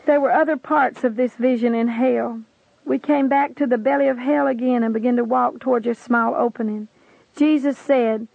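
Earnest woman reader, gravelly voice, tinny phone-like recording. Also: a little high, steady tone, normal speed, darkish tone, no room sound. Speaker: reader of a religious testimony. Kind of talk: dramatic reading of a vision testimony.

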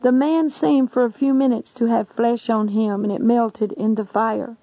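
An earnest woman evangelist delivers an imploring testimony sermon. Her voice is gravelly and somewhat high. The recording is dry and dull, lo-fi. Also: fairly even intonation, normal speed, dry recording.

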